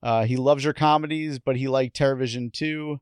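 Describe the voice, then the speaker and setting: Podcast host, woman with a very low voice, relaxed, dry recording. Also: moderate pace, no echo. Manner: relaxed, laughs easily. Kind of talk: casual chat.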